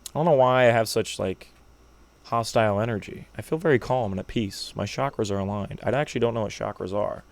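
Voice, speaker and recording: A man's voice: lowish voice, a little fast, gravelly. Brash young man hosting a sports podcast. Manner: brash, joking, hyped-up fan rants. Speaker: podcast host. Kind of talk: solo sports prediction podcast.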